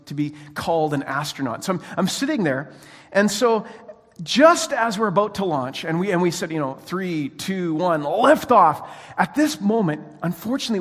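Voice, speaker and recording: A male pastor delivers a sermon in an animated storytelling way, often restarting his sentences. His voice sits high and has a husky edge. The sound carries a long reverb, as if recorded in a church hall.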